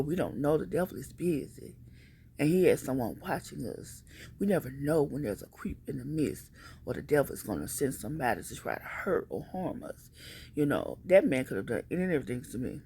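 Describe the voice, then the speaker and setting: A woman telling a personal story in a casual, animated and emphatic vlog style. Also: rumbling low, slight background noise.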